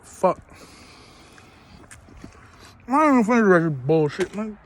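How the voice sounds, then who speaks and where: A man's voice: sits high, very animated, normal speed, a little hiss or hum. Profane man griping through a spicy food review. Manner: profane, blunt and crude; talks while chewing. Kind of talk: casual food review vlog.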